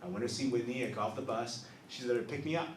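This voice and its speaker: A man in his thirties doing a stand-up set on a small club stage, telling confessional stories that swing from soft asides to loud punchlines. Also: medium pitch, fast, slight background noise. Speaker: stand-up comedian. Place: small improv club stage, live audience. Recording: roomy club sound from a distance.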